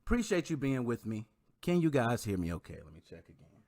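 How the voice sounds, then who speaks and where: A man hosting a casual livestream, animated and talking straight to his viewers while he greets the chat. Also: mid-range voice, fairly quick. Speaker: livestream host.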